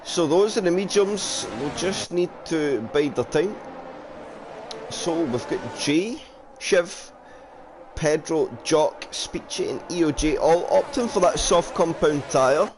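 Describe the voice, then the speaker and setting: A man's voice: a little high, lively intonation, slow pace, background noise. A man, commentating a sim racing league stream in a casual, jokey way, reading out chat comments and calling the grid. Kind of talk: casual live race commentary.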